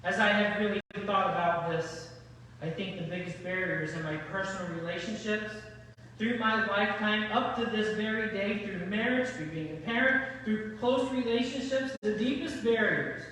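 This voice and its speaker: A man's voice: high-pitched, moderate pace, sharp tone, slight background noise. A male pastor preaching a sermon in a conversational way, often asking the congregation rhetorical questions. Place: large church sanctuary. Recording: very echoey church hall from far off.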